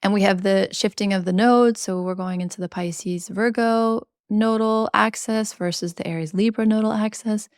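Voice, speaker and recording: A woman's voice: mid-range voice, fairly even intonation, normal speed, few pauses, clean tone, no echo, studio quality. A woman hosting a tarot podcast, talking in an earnest, chatty way with slangy asides. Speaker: podcast host reading tarot. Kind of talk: casual spiritual monologue.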